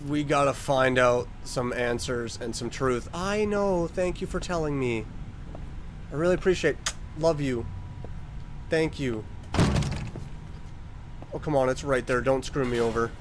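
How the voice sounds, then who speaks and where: A man's voice: mid-range voice, a little slow, pauses often, slight background noise. A man playing a horror video game and commenting as he goes, talking to the characters and yelping when startled. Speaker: let's-play host.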